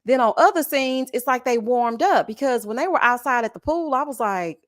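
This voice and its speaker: A woman hosts a reality TV reaction show, chatting in a sassy way, laughing loudly, and calling her viewers honey and child. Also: high voice, animated, fairly quick. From Texas. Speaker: host of a reality TV reaction channel. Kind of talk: casual reaction commentary.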